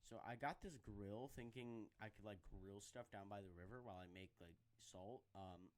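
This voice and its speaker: A man's voice: on the low side, moderate pace. A man with a Southern US accent giving rambling, self-mocking gameplay commentary, often restarting his sentences. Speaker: video game player and YouTuber.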